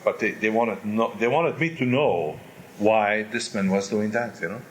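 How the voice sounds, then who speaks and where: Older male singer, lowish voice, candid storyteller acting out crowd noise; faint background hiss. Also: moderate pace. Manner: animated storyteller who imitates crowd noises. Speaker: opera singer telling stories. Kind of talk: candid interview anecdotes.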